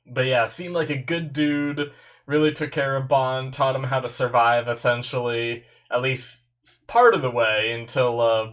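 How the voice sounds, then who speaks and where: A young man with a congested, stuffy nose talks casually at a medium pitch. He rambles through his reactions, restarting sentences and filling gaps with "like" and "you know". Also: a bit bright. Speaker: anime reaction host.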